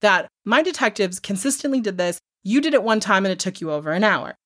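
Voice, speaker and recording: Animated woman retelling a true crime case. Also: medium pitch, fairly quick, no echo, clean studio sound. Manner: animated, swearing, acts out people's lines. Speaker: podcast co-host. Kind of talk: casual true crime chat.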